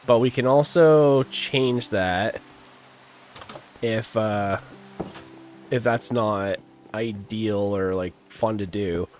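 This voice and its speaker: A young man with a fairly low voice and a stuffy, congested nose chats to his stream audience. He talks in a loose, rambling way, chuckling often, over faint background music. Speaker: gaming livestreamer. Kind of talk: casual livestream chat.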